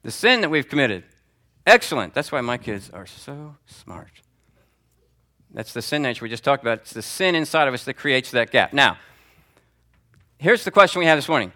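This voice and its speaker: A man teaches a Sunday school class in a conversational, animated way, his pitch leaping up to stress a point. His voice is bright and forceful, sitting at an ordinary pitch for a man. He calls on students by name as he goes. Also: moderate pace, pauses often. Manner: lively, pitch swings for emphasis. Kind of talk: teaching sermon. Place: church classroom before a group.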